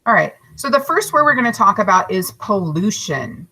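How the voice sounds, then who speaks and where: A woman teaching a third grade class in a recorded lesson, patient and encouraging, stretching words out slowly to split their syllables. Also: medium pitch, very animated, sharp tone, rough recording. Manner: slow, overarticulated syllables and spelling.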